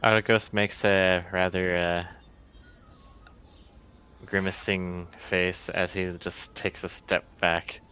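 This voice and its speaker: A man's voice: low voice, little pitch movement, takes it slowly, long pauses, bright, forceful tone, clean tone. A man playing a tabletop game, describing his character's actions and laughing often. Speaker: player. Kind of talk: casual tabletop role-play.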